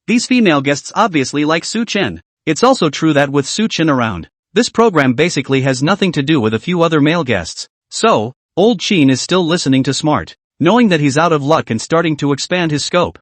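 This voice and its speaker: A man's voice: fairly high pitch, animated, brisk, few pauses, no room sound. A man narrating a comic story recap in scripted storytelling style.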